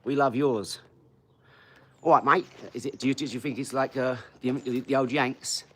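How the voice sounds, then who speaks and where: A man's voice: medium pitch, fairly even intonation, moderate pace, fairly bright tone, husky. Boastful man chatting live. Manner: boastful, chatty, talks straight to viewers. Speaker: live stream host and boxer. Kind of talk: casual live stream chat.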